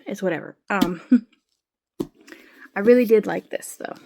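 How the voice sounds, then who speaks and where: Woman, casual home vlog, slow unhurried talk, mid pitch, rambling, sighs. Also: vocal fry, mellow, slight background noise. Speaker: vlogger. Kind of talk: casual chat.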